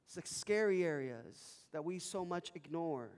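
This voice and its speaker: Animated male pastor with a high voice. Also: moderate pace, few pauses, clear, resonant tone. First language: Spanish. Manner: animated, emphatic, with laughs. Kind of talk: storytelling sermon. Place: chapel. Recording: long reverb in a chapel.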